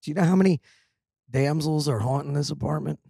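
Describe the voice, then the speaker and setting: A woman's voice: sits low, brisk, gravelly, warm tone, slightly rough, no echo, clean studio sound. A woman co-hosting a casual comedy podcast, blunt and teasing, swearing freely. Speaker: podcast co-host.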